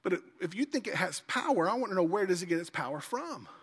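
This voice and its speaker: A man preaching a sermon, telling personal stories and acting out the voices of the people in them, slowing down to stress key words. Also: sits high, very animated, fairly bright tone, breathy edge, long reverb tail. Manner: storytelling preacher, acts out quoted voices, slows for emphasis. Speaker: pastor.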